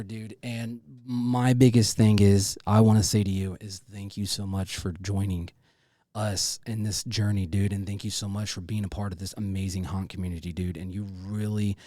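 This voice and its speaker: Recorded cleanly in a studio with no echo, a podcast host with a fairly low, warm voice runs a casual interview. He talks in an effusive, loose way, cursing freely and repeating "dude" over and over.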